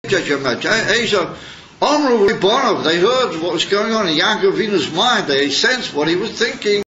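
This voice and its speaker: Man, Torah class teacher, chatty, mixes in Hebrew and Yiddish terms, bright voice, muffled lo-fi recording. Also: high voice, animated, normal speed, slight background noise.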